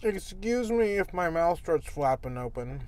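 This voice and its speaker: A woman's voice: lowish voice, lively intonation, a little slow, a little mellow, a little hiss or hum. A woman food vlogger eating on camera, casually chatting with her mouth full while she chews, with playful, teasing asides to viewers. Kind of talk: eating vlog with casual chat.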